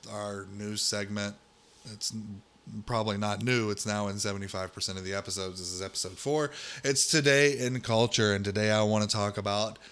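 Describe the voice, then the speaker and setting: A man with a fairly low voice hosts a solo commentary podcast. He talks in a sarcastic, exasperated way. He keeps building into incredulous, mocking outbursts. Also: a bit bright. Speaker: podcast host.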